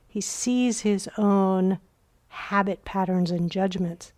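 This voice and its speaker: A woman's voice: medium pitch, slow pace, darkish tone. A woman meditation teacher giving a dharma talk at a retreat center, telling stories reflectively and acting out quoted inner voices.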